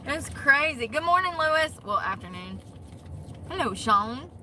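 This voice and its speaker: A woman livestreaming from her parked truck on her phone, talking in a chatty, animated way with lots of laughs and a slangy drawl. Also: sits high, measured pace, a little hiss or hum, poor audio. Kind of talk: casual livestream chat.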